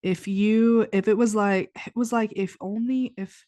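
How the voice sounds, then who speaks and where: A woman's voice: mid-range voice, fairly even intonation, unhurried, warm tone. Chatty young woman with a stuffy nose. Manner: rambling, heavy use of "like", frequent restarts. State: stuffy nose after crying. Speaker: podcast host. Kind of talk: casual confessional chat. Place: indoors, warm room.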